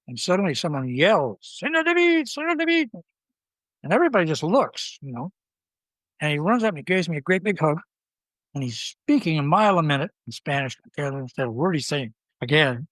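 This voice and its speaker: A man, the guest in an interview, telling lively anecdotes and acting out the people he quotes. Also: fairly high pitch, no room sound, low-quality recording. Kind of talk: storytelling interview.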